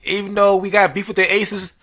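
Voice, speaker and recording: Young New man, podcast co-host, high and bright, animated trash-talker. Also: a little fast. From New York. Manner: animated, rambling, heavy slang and filler, trash-talking. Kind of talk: casual sports chat.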